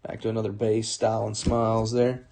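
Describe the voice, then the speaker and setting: A man's voice: fairly low pitch, completely flat delivery, vocal fry, a little mellow. A man hosting a sports card break, calling out each card as he opens packs in an upbeat, chatty way, often chuckling. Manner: upbeat, calls out names in quick bursts, chuckles often. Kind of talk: live card-opening commentary.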